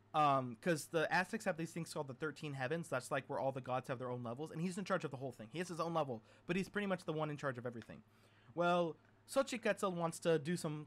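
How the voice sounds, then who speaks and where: A man hosting a storytelling podcast, retelling a myth in a chatty, rambling way full of animated asides. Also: a little high.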